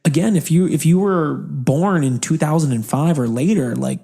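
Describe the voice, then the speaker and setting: A man's voice: on the high side, moderate pace, creaky, warm tone. A man in his thirties co-hosting a podcast in casual chat, rambling with restarts and frequent laughs. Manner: rambling, restarts mid-thought, laughs often. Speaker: podcast co-host.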